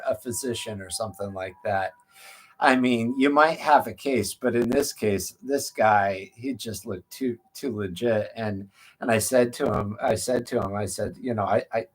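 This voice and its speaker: A man's voice: medium pitch, fairly bright tone. A man who runs a therapy practice, telling a personal story in a casual, rambling way on a live stream. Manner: rambling and conversational, with frequent restarts.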